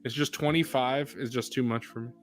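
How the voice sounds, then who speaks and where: A man's voice: mid-range voice, steady tone. A man joking and teasing his friends as a guest on a casual video-call livestream. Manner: teasing, joking, quick to banter.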